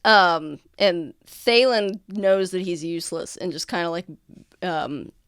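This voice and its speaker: A woman game master narrating a tabletop game in a smooth, clear voice that sits a little low. She is close and dry on the mic, and her delivery is casual and halting, full of fillers. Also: fairly bright tone, dry recording.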